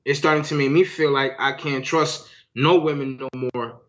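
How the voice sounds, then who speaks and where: A man with a medium-pitched voice and fairly even intonation co-hosts a casual, slangy podcast at a moderate pace. "Son" and "B" are how he refers to the listener. The audio is dull and lo-fi.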